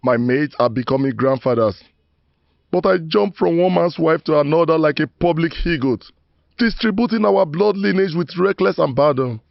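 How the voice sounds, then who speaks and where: A contrite middle-aged Nigerian rogue praying in grave, proverb-laden oratory. His voice is gravelly, rising and falling widely, on dull, dry film sound. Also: fairly high pitch, expressive, moderate pace, dry recording. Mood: pleading. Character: remorseful middle-aged rogue begging ancestors for mercy. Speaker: penitent man praying to his ancestors. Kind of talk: Nollywood film acting, solemn monologue.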